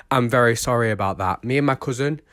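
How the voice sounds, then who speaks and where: Young man, casual vlog chatter into a phone mic, mid-pitched, dry close sound. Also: normal speed, a bit bright, no room sound. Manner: rambling, self-mocking, chatty. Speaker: vlogger. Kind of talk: casual chat to camera. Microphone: old smartphone used as microphone.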